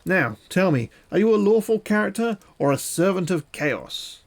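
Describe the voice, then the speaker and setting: A man's voice: high-pitched, big pitch swings, normal speed, vocal fry, pitched above the performer's own voice, heavily acted. A man doing a jovial old-fashioned hunter. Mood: friendly. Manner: formal, old-fashioned speech. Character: jovial male hunter hailing a stranger.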